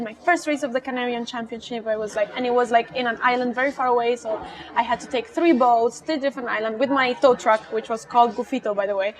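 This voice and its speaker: As a guest being interviewed, a rally driver with a high-pitched female voice recounts stories with great energy, laughing and performing the quotes herself.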